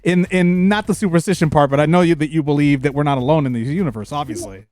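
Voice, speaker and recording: A man hosting a casual news chat, rambling and excitable, with many restarts. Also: on the high side, quick pace. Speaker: podcast host.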